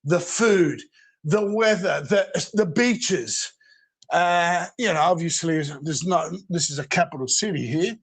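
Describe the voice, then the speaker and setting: Aussie guy, pretty high voice, rambly chat full of laughs and restarts. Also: measured pace, slightly rough. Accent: Australian. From Australia. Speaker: panel guest. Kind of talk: casual chat.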